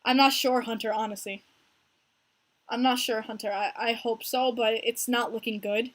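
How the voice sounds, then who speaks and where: Young american girl with a high voice, chatting hockey on her stream, lively and talky, calls out her viewers. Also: normal speed. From United States. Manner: animated and chatty, answering viewers by name. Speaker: podcast host streaming live with chat. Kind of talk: casual hockey chat.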